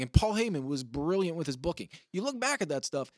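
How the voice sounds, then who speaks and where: A man hosting a podcast in casual chat, telling rambling, profane stories with bursts of excitement. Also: fairly high pitch, brisk, dry recording, clean studio sound. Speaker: podcast host.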